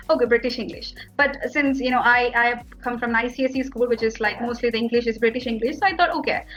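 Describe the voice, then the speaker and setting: A woman's voice: fairly high pitch, a bit bright, poor audio. A young woman from India with an Indian accent, talking casually as an interview guest and filling her speech with "like" and "you know". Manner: chatty, fillers like "like" and "you know".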